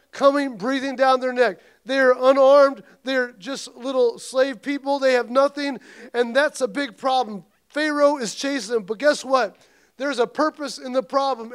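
High-voiced preaching man. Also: clean tone. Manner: impassioned preaching, rising to loud emphatic peaks; asides and restarts, conversational stretches. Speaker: pastor. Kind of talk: sermon.

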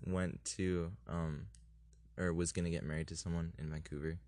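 A man's voice: low voice, flat delivery, normal speed, darkish tone, clear, resonant tone, no room sound. A man in casual chat with a friend, laughing often and trailing off mid-sentence as he improvises rhymes.

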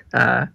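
A man speaking as a pastor and guest, chatting casually and telling lively stories in an interview. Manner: lively storyteller who acts out quotes in funny voices.

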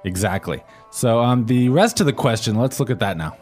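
A man's voice: mid-range voice, lively intonation, a little fast, a little mellow. A man co-hosts a podcast language lesson in a mid-range voice. He keeps things moving with prompting questions and plain-English recaps. Light music plays faintly underneath. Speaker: co-host.

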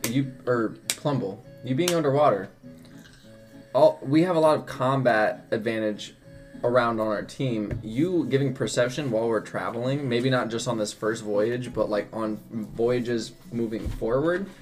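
A man's voice: mid-range voice, a little mellow. Strategizing man at a game table. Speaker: player.

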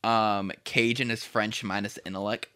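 A man's voice: fairly low pitch, little pitch movement, moderate pace, pushed and bright, smooth. A man co-hosting a podcast, trading crude jokes casually, laughing often and swearing freely. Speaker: podcast co-host.

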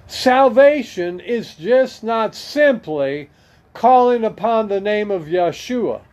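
A man with a fairly high voice teaches scripture at an unhurried, deliberate pace, reading passages aloud and adding his own remarks. The recording is a little muffled and lo-fi. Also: expressive, a little mellow. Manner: slow and deliberate, reading verses aloud with comments. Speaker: preacher.

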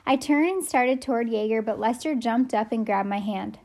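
A woman's voice: a little high, moderate pace, few pauses, darkish tone. A woman narrating a first-person audiobook in a spirited, folksy storytelling voice.

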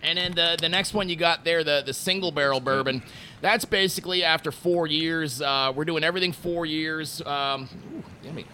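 A man from Montreal chats easily in an interview, his voice bright and forceful and sitting a little high for a man. He rambles through stories with plenty of ums and uhs. A faint hum of ambience sits behind him. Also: moderate pace. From Montreal, Canada. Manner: relaxed storytelling with many fillers. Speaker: distillery brand representative. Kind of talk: casual interview talk.

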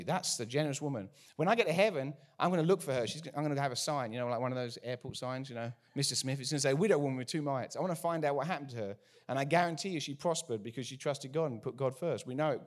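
A man preaching a sermon to a congregation, animated and joking in asides. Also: medium pitch, fast talker, few pauses. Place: church before a congregation.

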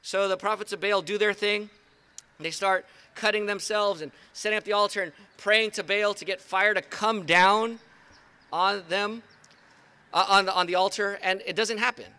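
Bright-voiced man preaching outdoors. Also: high-pitched, moderate pace, clear, resonant tone. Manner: conversational storytelling, animated. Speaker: pastor. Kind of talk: sermon. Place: outdoor service.

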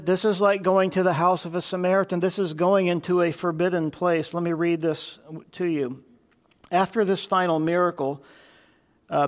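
A man preaching a sermon in an easy, conversational way. His voice sits a little high, and he turns to his listeners with earnest questions. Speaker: pastor.

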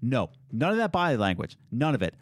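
A man telling a story about a customer in a casual chat, animated and sarcastic, acting out what people said. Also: medium pitch, brisk. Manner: animated, sarcastic, quotes people in put-on voices. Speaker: restaurant worker telling a story.

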